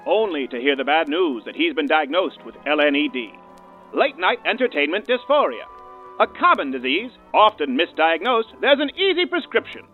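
High-pitched man, very lively, radio ad read, tinny phone-like sound, faint music behind. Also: normal speed. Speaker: ad announcer.

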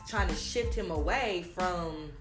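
Candid rambling mom in an echoey room. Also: female voice, fairly low pitch, takes it slowly, music in the background. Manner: rambling, candid, swears freely. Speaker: podcast co-host, mother. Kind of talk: casual chat.

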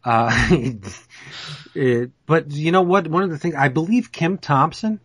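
Husky podcast dude, eager and stammery, dry close sound. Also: male voice, a little high, animated, takes it slowly, no room sound. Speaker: podcast co-host. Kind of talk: casual comics podcast chat.

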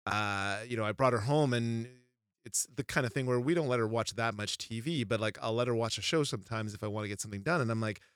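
A man's voice: mid-range voice, fast, no echo, clean studio sound. A man in his thirties, a podcast co-host, chatting casually and telling rambling stories about parenting a toddler, acting out the quotes as he goes. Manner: rambling, animated storytelling with acted-out quotes. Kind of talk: casual chat.

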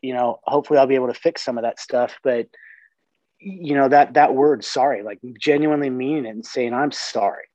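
A man's voice: medium pitch, fairly quick, warm tone, no echo. A man in casual podcast conversation, talking earnestly, swearing casually and often restarting his sentences. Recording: dull lo-fi sound.

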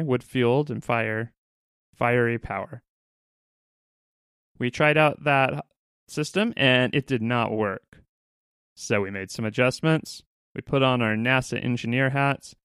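A man's voice: mid-range voice, a bit bright, clean tone, no room sound, clean studio sound. A man hosting a solo podcast, talking casually with a grumbling, irritated, self-mocking edge. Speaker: podcast host.

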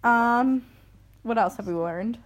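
A young adult woman co-hosting a podcast in casual chat, swearing freely and talking with lively energy. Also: a little high, slow pace. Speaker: podcast co-host.

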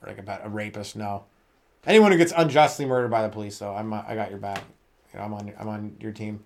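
A man's voice: fairly low pitch, fast, gravelly, a little hiss or hum. A Canadian man hosting a solo comedy podcast, rambling loosely and swearing a lot while short on sleep. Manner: loose, rambling, swears often, laughs at own jokes. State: sleep-deprived.

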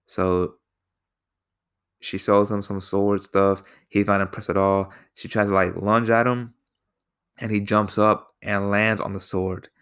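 A man's voice: on the low side, little pitch movement, unhurried, a bit bright, smooth. A man casually reviewing a film, rambling with lots of fillers and slang, sometimes restarting his sentences. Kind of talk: casual spoken movie review.

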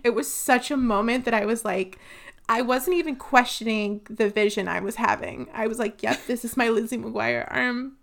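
A talkative woman co-hosting a casual book podcast. Her voice sits a little high with a gravelly fry. She rambles through stories with many "like"s. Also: normal speed, fairly bright tone. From Louisiana. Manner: chatty storyteller, many "like"s. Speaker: podcast co-host.

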